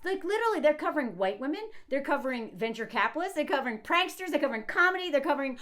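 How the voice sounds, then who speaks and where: A woman in her thirties giving an animated, sarcastic commentary rant as a video host. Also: high-pitched, rapid-fire.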